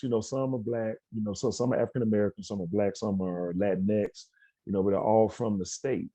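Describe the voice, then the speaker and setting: Over a video call from indoors at an outdoor education center, a male keynote speaker gives students a motivational talk, telling a story and performing the quoted dialogue. His voice is lowish, warm, slightly rough, with no echo.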